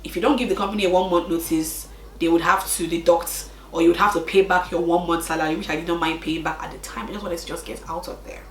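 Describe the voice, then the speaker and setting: A woman's voice: lowish voice, steady tone, fast talker, reverberant, faint music behind, low-quality recording. A young woman, telling a personal story to her viewers in a casual, emotional way. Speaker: vlogger.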